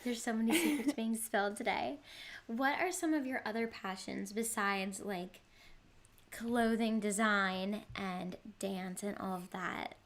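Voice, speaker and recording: A woman hosting a casual interview, encouraging her guest with quick affirmations and questions. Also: medium pitch, steady tone. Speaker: host.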